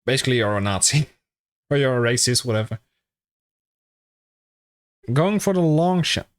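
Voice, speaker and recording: A man's voice: mid-range voice, animated, normal speed, clear, resonant tone. A young man with a Dutch accent chatting casually and jokingly with viewers on a live stream, swearing freely. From Netherlands.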